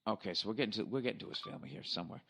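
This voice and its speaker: Blunt, low-voiced man ranting on a podcast. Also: racing, fairly bright tone, a little hiss or hum. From United States. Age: 40s. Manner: blunt, profane, exasperated. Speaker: podcast host. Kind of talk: casual podcast chat, reading a listener letter.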